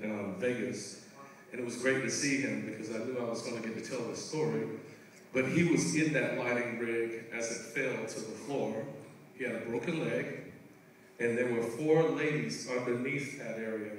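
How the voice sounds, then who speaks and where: A man giving a lively, conversational testimony in a large church hall, heard from a distant mic. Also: mid-range voice, a little hiss or hum. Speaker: guest speaker.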